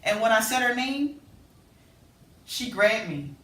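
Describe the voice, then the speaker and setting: This sister's voice is fairly high and a bit bright, very animated yet unhurried, as she casually shares an emotional account of loss. She reenacts both her pleading and the words of the people around her. The room echoes, and the mic is set far off.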